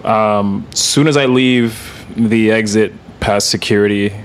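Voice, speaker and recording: A man's voice: lowish voice, fairly even intonation, slow, slight background noise. A man in a casual podcast chat, rambling through a travel story with lots of fillers.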